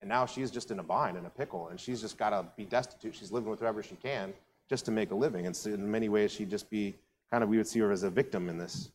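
A man's voice: lowish voice, quick pace, long reverb tail, slight background noise. A man preaching a conversational sermon as a pastor, telling the story casually with frequent asides. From United States. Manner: animated storytelling, acting out quoted voices; casual asides and filler words.

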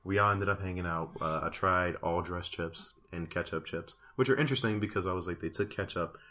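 A man's voice: low voice, fairly quick. A man from Chicago co-hosting a podcast, telling stories in a casual, jokey, profane way. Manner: animated, profane, jokey storytelling. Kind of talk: casual storytelling chat.

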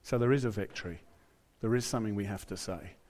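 A man's voice: on the low side, quick pace, a little mellow. A British man preaching a sermon in church, in a conversational way, with asides and quotes he acts out. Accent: British English.

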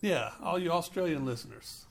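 Podcast co-host, woman, deep and heavily fried voice, casual and explanatory. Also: expressive, normal speed, creaky. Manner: explains things step by step.

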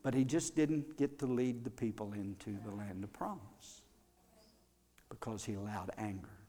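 A man preaching a sermon as pastor, swinging between loud bursts and quiet asides. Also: on the low side, normal speed. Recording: long reverb of a large hall.

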